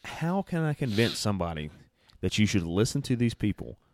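A man with a very deep, low voice rambles through opinions in a casual podcast chat, often restarting his sentences mid-thought. The sound is dry and close to the mic. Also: very animated, a little fast, darkish tone, no room sound. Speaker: podcast co-host.

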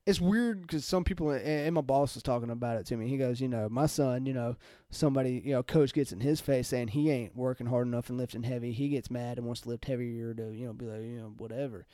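A man's voice: medium pitch, steady tone, quick pace, hardly any pauses, warm tone, dry recording, clean studio sound. A young man chatting casually, rambling through fillers and casual swearing. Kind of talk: casual chat.

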